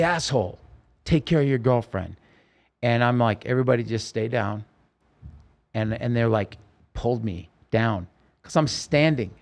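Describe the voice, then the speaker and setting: A man's voice: mid-range voice, creaky, darkish tone. A man, a podcast guest, telling a personal story in an interview, vividly and intensely, acting out quoted dialogue.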